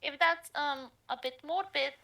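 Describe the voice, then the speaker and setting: A woman voicing a timid, earnest young man in a dating game, speaking softly. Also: sits high, measured pace, creaky, voice pushed up, heavily acted, poor audio. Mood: shy. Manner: timid and earnest, soft-spoken. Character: shy, sweet young man.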